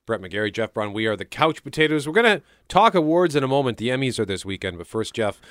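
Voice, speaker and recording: A man's voice: medium pitch, sing-song, fast talker, a bit bright, no room sound, clean studio sound. A man co-hosting a casual movie podcast, chatting in a playful, breezy way. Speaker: podcast co-host.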